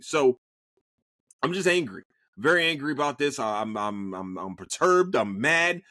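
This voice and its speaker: A man's voice: medium pitch, fairly bright tone, no room sound, clean studio sound. A young man hosting his own podcast, ranting in a casual, profane, heated way, his voice leaping up when angry and stammering over restarts. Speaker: podcast host. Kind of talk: casual solo podcast rant.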